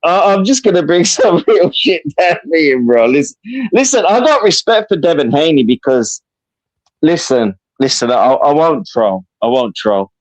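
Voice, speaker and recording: A man in his fifties with a Birmingham accent, calling into a live stream. He talks in an animated way, swearing freely and leaning on "listen, bro" again and again. His voice sits a little high for a man. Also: moderate pace, low-quality recording. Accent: Birmingham English. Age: 50s. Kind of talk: casual chat.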